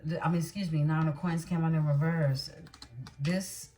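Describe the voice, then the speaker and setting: A woman's voice: low-pitched, fairly even intonation, moderate pace, warm tone. A woman doing a tarot card reading, blunt and emphatic, often checking in with her listeners as she goes. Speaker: tarot reader.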